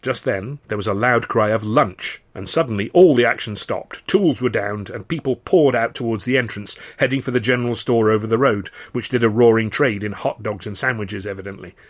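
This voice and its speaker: Husky-voiced male audiobook narrator. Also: fairly low pitch, brisk, hardly any pauses. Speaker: author and audiobook reader. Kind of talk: scripted first-person narration.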